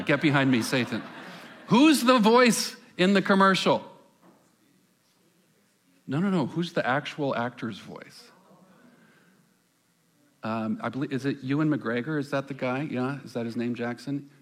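A man preaching a sermon as pastor on a church stage, conversational, asking the congregation questions and pausing for effect. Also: on the high side, fairly bright tone. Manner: conversational, asks the congregation questions, dramatic pauses.

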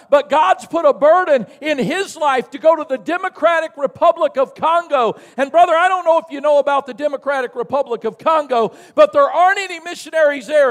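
A Southern American man preaches in a voice pitched unusually high, swinging between easy storytelling and near-shouted emphasis. He keeps calling the congregation to answer him. His voice rings through a church with a long, lingering reverb. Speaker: missionary preacher. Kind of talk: sermon. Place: church sanctuary.

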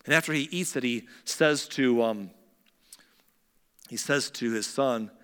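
Bright-voiced preacher in a reverberant hall. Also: male voice, mid-range voice, measured pace, smooth. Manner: animated storyteller, chatty asides. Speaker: pastor. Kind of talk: casual sermon retelling a Bible story.

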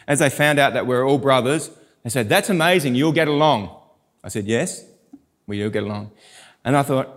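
A middle-aged pastor, preaching a sermon and telling stories with animated quoted voices. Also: male voice, mid-range voice.

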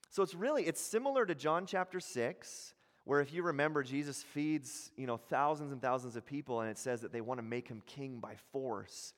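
A man's voice: mid-range voice, moderate pace, hardly any pauses, big-room sound. A man preaching a sermon, acting out crowd voices with many restarts. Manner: animated, acts out crowd voices, frequent restarts. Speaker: pastor.

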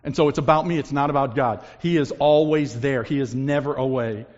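A man preaching a sermon as pastor, swinging between loud emphasis and hushed, low lines. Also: brisk. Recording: long reverb, dull lo-fi sound.

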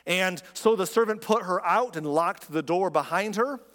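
Higher-voiced male pastor in reverberant hall. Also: normal speed, a bit bright. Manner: conversational, emphatic, full of rhetorical questions. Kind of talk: sermon.

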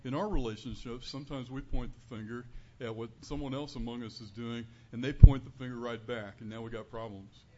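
A man giving an earnest, conversational sermon as a preacher in a church, building to louder emphasis on key points. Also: medium pitch, fairly even intonation, fairly quick, hardly any pauses. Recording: dull lo-fi recording with faint room noise.

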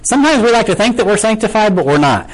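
A man preaching to his congregation in a relaxed, conversational way rather than a formal one. His voice sits a bit high for a man. He checks in with listeners with a quick "right?" and stumbles over a word now and then. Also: rough recording. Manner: chatty, asks "right?" often, loses his place and laughs it off. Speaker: pastor. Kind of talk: casual conversational sermon.

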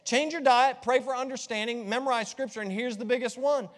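A middle-aged man preaching a sermon with a notably high voice, joking with his congregation and firing rhetorical questions at them. His words ring out with a long reverb from the church hall around him. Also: brisk. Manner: lively, joking, quizzes the congregation. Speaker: pastor.

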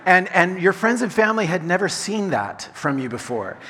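Higher-voiced pastor in a reverberant hall. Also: male voice, very animated, normal speed, pushed and bright. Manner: conversational, chatty with laughing asides. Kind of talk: sermon. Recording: long reverb of a large hall.

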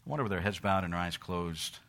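A male preacher delivers an impassioned sermon with a bright, forceful edge. His voice sits fairly low. He surges into loud emphasis, then drops to hushed tones when quoting others. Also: fast talker. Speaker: pastor.

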